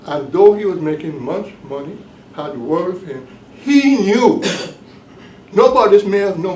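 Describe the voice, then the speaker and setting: A man's voice: high voice, expressive, a little mellow, slight background noise. Emphatic lecturing man in an echoey room. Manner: deliberate, emphatic, repeats key points. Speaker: professor leading a course. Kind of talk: classroom lecture. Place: bookstore cafe classroom. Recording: echoey room, mic at a distance.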